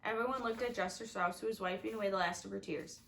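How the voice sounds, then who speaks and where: A woman's voice: mid-range voice, steady tone, quick pace, vocal fry, fairly bright tone, slight background noise, rough recording. A woman narrating a storybook with wry, confiding asides to the reader. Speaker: audiobook reader.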